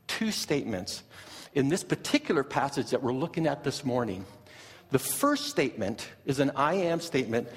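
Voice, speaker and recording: Animated pastor preaching in a reverberant hall. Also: male voice, a little high. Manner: animated, repeats words and restarts often. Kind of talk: sermon.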